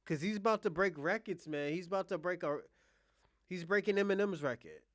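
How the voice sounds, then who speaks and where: A man in casual, profane chat, teasing a friend with excitable, playful banter. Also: sits high, a little fast, no room sound, studio quality.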